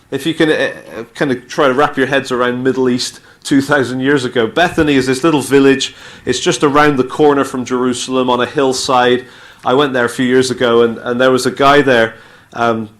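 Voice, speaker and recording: A man's voice: medium pitch, fairly bright tone. A man with a British accent giving an informal, chatty Bible talk to students, telling the story with asides and acted-out dialogue. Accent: British English. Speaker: speaker at a student Christian talk.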